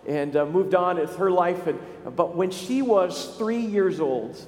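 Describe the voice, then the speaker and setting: A man preaching a sermon, telling a story with frequent halting repeats. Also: high-pitched, a little mellow. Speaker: pastor. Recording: echoey, reverberant space.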